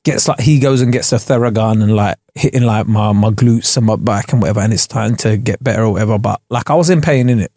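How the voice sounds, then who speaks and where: A young man, co-hosting a podcast, telling an animated, slangy story and laughing often. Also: on the low side, fast, hardly any pauses, no room sound, studio quality. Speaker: podcast co-host. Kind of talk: casual banter storytelling. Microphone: studio podcast mic.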